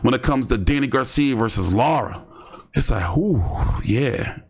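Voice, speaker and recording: A man's voice: medium pitch, lively intonation, normal speed, slightly rough. A man hosting casual boxing commentary, rambling and joking with slang and lots of fillers. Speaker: host.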